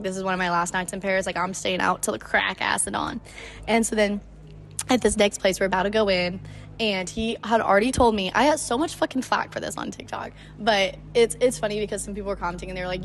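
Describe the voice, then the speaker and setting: A nineteen-year-old woman hosting her own podcast, telling a story in a chatty way with lots of "like" and acted-out quotes. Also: mid-range voice. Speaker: podcast host. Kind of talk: casual storytelling monologue.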